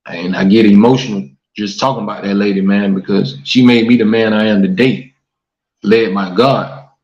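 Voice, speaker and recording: This man hosts a laid-back livestream talk show, working through comments and earnestly preaching to his audience with frequent "man" and "y'all." He speaks at a normal speed in a lowish, steady, slightly mellow voice. The sound comes through a livestream mic in an echoey room, with dull lo-fi stream quality.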